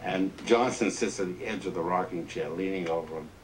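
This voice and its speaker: A man recounting an anecdote in a documentary interview, measured and vivid. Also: sits low, far from the mic, a little hiss or hum. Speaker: interviewee, storyteller.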